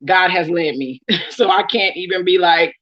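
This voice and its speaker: Fairly low in pitch and moving at a moderate pace, this young woman's voice is heard with the highs cut off. She has a Bay Area accent from Oakland, California, and casually answers follower questions to camera with many laughs and ums.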